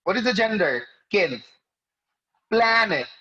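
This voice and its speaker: A male teacher giving an online class lecture over a video call. He explains slowly, quizzes students by name and corrects himself mid-sentence. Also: sits high, sing-song, sharp tone, highs cut off.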